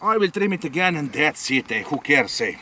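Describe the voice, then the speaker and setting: Lively high-voiced man chatting about a model. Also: brisk, slight background noise. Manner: chatty, ends phrases with a questioning "eh?". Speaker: RC model plane reviewer. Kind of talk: casual hands-on review chat.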